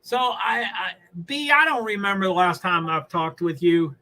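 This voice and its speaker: Bright, chatty New man. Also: high-pitched, steady tone, normal speed. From New England. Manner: rambling, self-interrupting, chuckling often. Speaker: live streamer. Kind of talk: casual live-stream chatter while watching a race.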